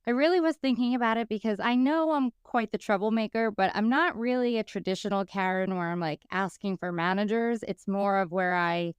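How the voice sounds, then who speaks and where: A woman in her thirties, co-hosting a podcast, telling stories in a lively, casual way and acting out the people she quotes. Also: medium pitch, a little fast, hardly any pauses, clean tone, no room sound. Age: 30s. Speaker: podcast co-host.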